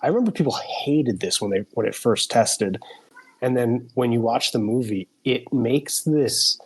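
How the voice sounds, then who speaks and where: A man's voice: medium pitch, lively intonation, moderate pace, slightly rough, no echo, rough recording. A man co-hosting a movie podcast, enthusiastic and acting out scenes as he talks. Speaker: podcast co-host. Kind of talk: casual movie-discussion chat.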